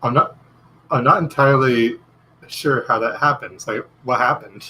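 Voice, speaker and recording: A man's voice: medium pitch, fairly even intonation, moderate pace, bright, forceful tone, a little hiss or hum, low-quality recording. A man chatting casually on a stream, meandering with many fillers and losing his train of thought. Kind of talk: casual chat.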